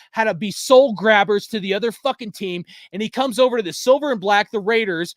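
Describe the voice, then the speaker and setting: A man with a high voice rants hard about his football team, swearing constantly and talking in quick slangy bursts. He speaks close to the mic in a dead, dry room. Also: dry recording. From US West Coast. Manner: heated, cursing, rapid-fire, slangy. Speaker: fan channel host. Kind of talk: profane sports rant.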